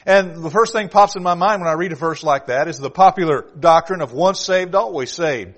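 A man's voice: fairly high pitch, fairly quick. A man preaching an evening sermon, reading scripture aloud and driving his points home with emphasis. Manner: emphatic, reads scripture aloud with rising force.

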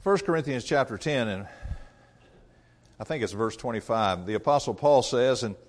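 A man's voice: medium pitch, lively intonation, moderate pace. A male preacher giving a sermon in an emphatic, conversational way and coming back to the same refrain again and again.

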